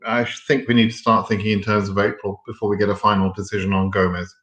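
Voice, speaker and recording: A man with a fairly low voice hosts a live question and answer session, reading out viewer questions and answering them bluntly. He talks frankly and fills his sentences with ums and restarts. The sound is roomy, with a noticeable echo. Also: flat delivery, fast, a bit bright. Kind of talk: live Q&A stream.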